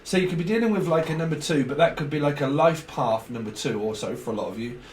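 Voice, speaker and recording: A man with a slightly high, somewhat mellow voice talks fast as he gives a rambling tarot reading. He chats casually, swears now and then, and acts out little bits of dialogue, recorded in an echoey room with faint background noise.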